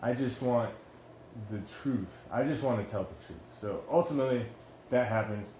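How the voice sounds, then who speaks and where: A man's voice: mid-range voice, normal speed, warm tone, echoey room, slight background noise. A young man, a former Marine, telling the story of his own arrest in a heated, blunt way, with swearing and many restarts. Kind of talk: heated first-person account.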